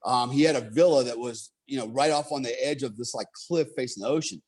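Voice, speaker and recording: A middle-aged American man, a military veteran, telling a war story in a casual interview, animated and swearing freely, laughing along as he talks. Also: mid-range voice, fast, husky.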